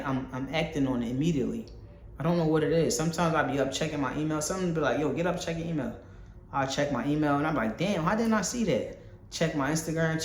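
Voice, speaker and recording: A man from talking casually in a vlog while painting at home, candid and rambling, swearing freely. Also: on the high side. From Philadelphia. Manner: loose and candid, swears freely, muses aloud with many fillers. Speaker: vlogger and visual artist. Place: indoors at home, painting a wall. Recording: echoey room.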